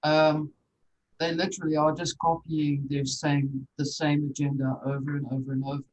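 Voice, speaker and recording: A podcast host in an interview, musing and speculating, thinking out loud. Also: mid-range voice, level tone, moderate pace, slight background noise, poor audio.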